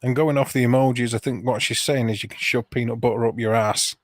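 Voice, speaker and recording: A man's voice: mid-range voice, fairly even intonation, fast, no room sound. A man co-hosting a casual live-stream chat, trading dry, teasing banter. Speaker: co-host of a live survival chat show.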